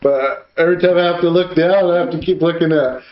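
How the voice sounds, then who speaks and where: A man's voice: a little high, fairly even intonation, quick pace. A man co-hosting a podcast, telling a crude story in casual chat, swearing a lot and laughing as he goes. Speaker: podcast co-host. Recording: echoey room, dull lo-fi sound, faint noise.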